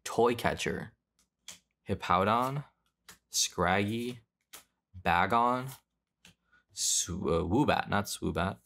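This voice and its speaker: He draws out his words in a creaky voice on the low side, with a fairly bright tone and long pauses. The young man is casually opening trading card packs, rambling offhandedly and correcting himself along the way.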